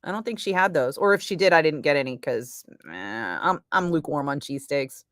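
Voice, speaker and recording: A woman's voice: low-pitched, animated, fairly quick, fairly bright tone, dry recording, studio quality. A woman radio host from Northern California chatting casually with her live chat, laughing often, swearing freely and rambling through asides. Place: radio studio.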